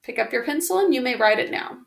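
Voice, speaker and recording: A woman teaches a spelling lesson on video, patiently sounding out words one sound at a time in a slow, careful style. Her voice is high, gravelly and expressive, and she talks fast. The recording has a roomy echo.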